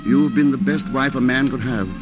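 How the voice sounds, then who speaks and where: A man's voice: mid-range voice, steady tone, moderate pace, natural voice. An actor playing a devoted colonial husband who comforts his wife, in a 1940s radio drama style. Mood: tender. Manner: tender, reassuring. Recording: muffled old radio recording with music.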